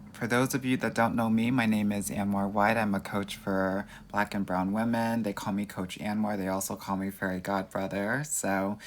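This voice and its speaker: A man's voice: fairly low pitch, fairly bright tone. Sassy young male dating coach for a live-stream Q&A. Valley Girl lilt, campy, calls everyone honey. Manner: self-described Valley Girl way of talking. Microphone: phone or webcam mic for a live stream.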